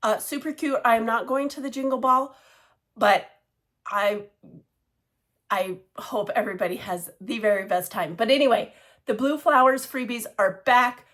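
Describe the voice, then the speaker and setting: A woman's voice: on the high side, moderate pace, fairly bright tone. A woman casually chatting about her cross-stitch projects, rambling with many fillers and side remarks. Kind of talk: casual show-and-tell chat.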